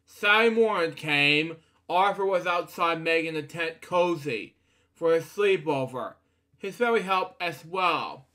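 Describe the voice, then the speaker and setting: A man's voice: on the high side, expressive, a little slow, pushed and bright. A man reading a picture book aloud, stumbling over words, with fillers and side comments between pages. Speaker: storybook reader.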